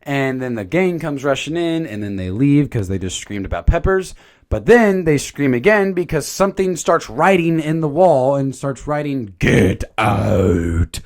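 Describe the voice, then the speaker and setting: Rambling, animated guy reviewing a movie. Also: fairly high pitch, moderate pace. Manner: rambling, animated, with fillers and mild swearing. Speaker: channel host. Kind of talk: casual movie review commentary.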